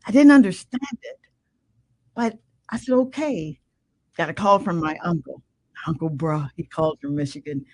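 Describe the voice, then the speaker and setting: An older woman speaks with a husky voice, delivering a heartfelt testimony with preacherly emphasis. Her phrasing is fervent and repetitive, and the sound is close and dry with no room echo. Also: lowish voice, very animated, normal speed, a little mellow. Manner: emphatic, preacherly, calls listener "man". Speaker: guest, radio show host. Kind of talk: emotional personal testimony.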